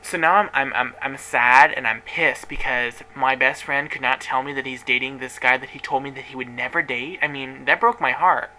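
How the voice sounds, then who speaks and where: A man's voice: medium pitch, fairly even intonation, normal speed, few pauses, sharp tone, slight background noise, low-quality recording. A young man vlogging, telling a personal story in a chatty, dramatic way and swearing freely. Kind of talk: casual storytelling to camera.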